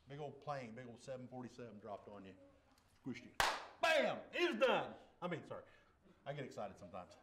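A man telling his conversion story in church as a lay preacher, folksy and plain, dropping to a hush and then bursting out loud. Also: medium pitch, a little hiss or hum. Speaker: lay preacher giving testimony. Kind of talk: testimony sermon. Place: church service.

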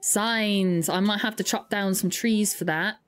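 A woman's voice: medium pitch, steady tone, unhurried, music in the background. A young woman streaming a game, chatting casually and rambling through stories with lots of fillers. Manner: rambling, self-deprecating storytelling with frequent fillers. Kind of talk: casual gaming stream chat.

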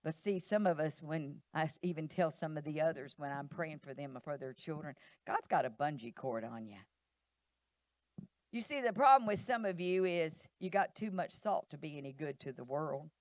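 A woman's voice: low-pitched, expressive, moderate pace, darkish tone, no echo, studio quality. A middle-aged woman pastor, preaching animatedly in church and acting out voices. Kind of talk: sermon.

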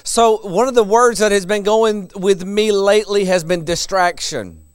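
A man's voice: sits high, normal speed, clear, resonant tone, dry recording, clean studio sound. A middle-aged man preaching a sermon in a conversational way, chuckling between his points.

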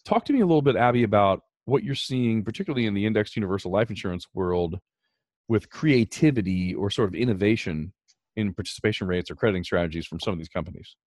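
A man's voice: fairly low pitch, quick pace, dry recording, clean studio sound. A man hosting a podcast, explaining finance numbers in a casual, emphatic way. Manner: animated, emphatic, talks through numbers. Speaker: podcast host.

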